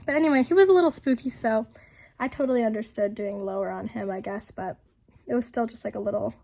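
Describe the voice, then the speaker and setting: A young woman narrating a casual vlog voiceover, chatty and rambling with lots of fillers, her voice rough from a lingering illness. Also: fairly high pitch, quick pace, mellow. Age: young adult. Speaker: vlogger. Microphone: voiceover mic.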